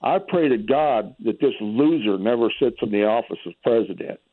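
A man's voice: mid-range voice, expressive, moderate pace, dry recording. A man calling into a radio show, heated and blunt in his opinions, over a phone line. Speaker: caller. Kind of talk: call-in phone rant.

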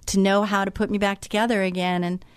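A woman's voice: medium pitch, little pitch movement, fast, clean tone, no echo, clean studio sound. A middle-aged woman who hosts a faith-based radio show, telling a story in a chatty, enthusiastic way with frequent restarts.

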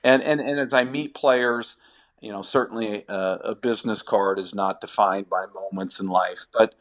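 A middle-aged former ballplayer, now a sports agent, answering podcast questions in a halting, reflective way with many restarts. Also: male voice, fairly low pitch, steady tone.

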